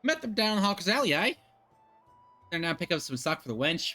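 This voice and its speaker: A streamer doing a gruff old tavern keeper. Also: mid-range voice, sing-song, brisk, pushed and bright, soft background music. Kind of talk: reading game dialogue aloud.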